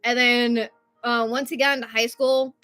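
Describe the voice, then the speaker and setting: A woman in her twenties hosts a relaxed live stream, rambling through stories and occasionally getting loud. Her fairly high, very bright voice is smooth and level, moving at a moderate pace, with soft music playing quietly in the background.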